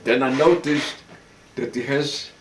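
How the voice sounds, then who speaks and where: An older man recounting his testimony at a slow, unhurried pace, stumbling and repeating words as he goes. His middle-pitched voice sits back from the microphone in a roomy, echoing space. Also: slight background noise. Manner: halting, repeats and restarts words. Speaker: witness giving testimony. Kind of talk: recorded oral testimony. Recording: roomy recording from a distance.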